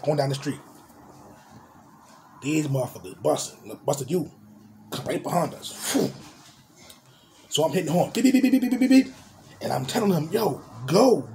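Animated storyteller making engine and tire noises. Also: male voice, on the high side, a little hiss or hum. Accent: New Jersey. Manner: vivid street slang, mimics cars and horns. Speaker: vlogger telling a story. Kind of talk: animated storytime with sound effects.

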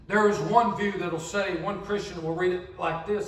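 High-voiced preacher man, echoey church. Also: steady tone, moderate pace, hardly any pauses, distant mic, a little hiss or hum. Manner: impassioned preaching, acts out voices of believers. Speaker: pastor. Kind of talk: sermon. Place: church sanctuary. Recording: echoey church sanctuary, mic from afar.

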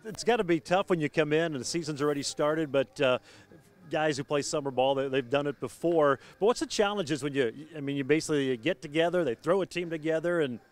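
A man hosting quick sports interviews, asking friendly, chatty questions. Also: fairly high pitch. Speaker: host.

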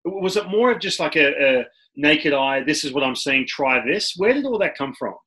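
A man's voice: a little high, normal speed. A man with an Australian accent hosting a casual interview and telling stories animatedly, often restarting his sentences. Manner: animated storyteller, many restarts. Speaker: podcast host and former pitcher.

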